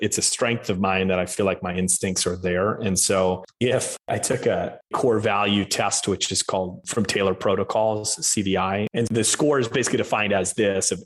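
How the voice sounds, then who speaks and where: Male guest, 30s, low-pitched, upbeat and energetic, casual interview delivery. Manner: energetic, upbeat, quick bursts of speech.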